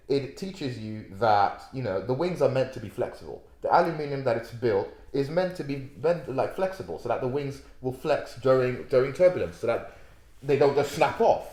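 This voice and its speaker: Man, laid-back co-host, mellow voice, lively pitch, echoey room. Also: moderate pace. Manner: jokey interjections, earnest when explaining. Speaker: podcast co-host. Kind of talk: casual chat.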